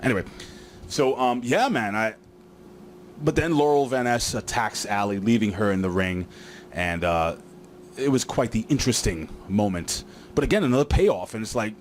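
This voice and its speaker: A man with a lowish voice casually recaps a wrestling show, rambling with plenty of fillers and joking asides. Slight background noise is audible.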